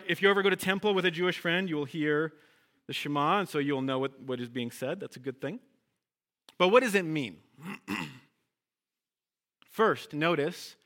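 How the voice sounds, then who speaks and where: A man's voice: a little high, expressive, moderate pace, pauses often, pushed and bright. A man, a guest Hebrew teacher, leading a congregation through a lesson with call and response and checking in often with "okay?" and "right?".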